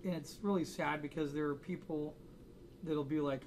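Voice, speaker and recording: A man's voice: fairly high pitch, a little fast, a little mellow, slight background noise. A man teaching a drawing class, chatting casually and joking through anecdotes in front of students. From United States. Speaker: art instructor.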